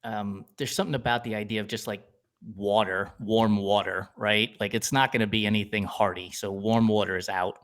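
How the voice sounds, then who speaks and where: A man's voice: on the low side, steady tone, quick pace, hardly any pauses, fairly bright tone. A man hosting a podcast in casual chat, easygoing and jokey. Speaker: podcast host.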